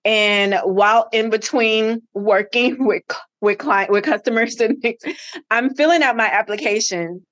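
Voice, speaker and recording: A middle-aged woman, a podcast guest, telling a personal story with lively acted-out dialogue. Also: a little high, measured pace, dull audio. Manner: animated, acts out quoted dialogue.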